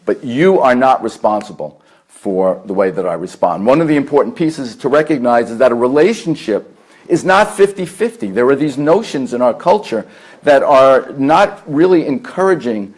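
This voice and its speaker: A man with a New York accent, a therapist lecturing a meditation group, earnest and deliberate, stacking repeated phrases with fillers. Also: medium pitch, a little mellow, slightly rough. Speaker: therapist giving a talk. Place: meditation center hall.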